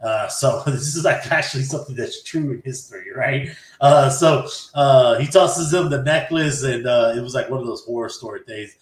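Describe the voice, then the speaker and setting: A man in the middle pitch range recaps an anime episode on a podcast, with loose, chatty delivery. He acts out the characters' lines along the way. The room has a noticeable echo. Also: normal speed, hardly any pauses. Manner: animated retelling, acting out character lines. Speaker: podcast host.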